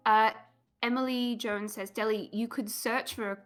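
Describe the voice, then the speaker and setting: Playful teasing woman co-host. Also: on the high side. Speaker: co-host reading chat. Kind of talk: casual live-stream chat.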